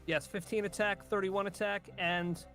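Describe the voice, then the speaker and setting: A man playing in a tabletop game, quietly calling out his attacks and dice rolls. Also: high voice, fairly even intonation, moderate pace, faint music behind. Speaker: player. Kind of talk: casual tabletop play.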